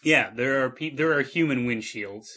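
A man riffing deadpan on absurd ideas in an improvised comedy chat, laughing easily. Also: mid-range voice, normal speed.

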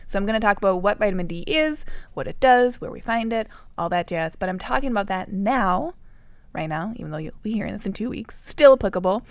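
A woman's voice: mid-range voice, animated, a little fast, no room sound. A woman co-hosting a casual podcast, explaining nutrition topics and laughing often.

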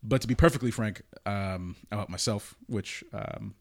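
A man, an improv performer and activist, answering candidly in a halting way with many ums, mumbling a bit. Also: lowish voice, a little mellow. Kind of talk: casual interview chat.

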